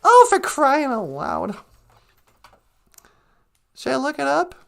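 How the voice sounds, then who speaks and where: A woman's voice: high voice, wildly swooping pitch, slow, gravelly. A woman co-hosting a casual, playful podcast, goofing around and making beeping computer noises. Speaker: podcast co-host.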